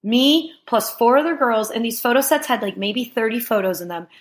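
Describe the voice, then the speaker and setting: Animated woman telling a story with laughs. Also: fairly high pitch, moderate pace. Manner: animated, laughing, heavy use of "like". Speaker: podcast guest. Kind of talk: casual storytelling.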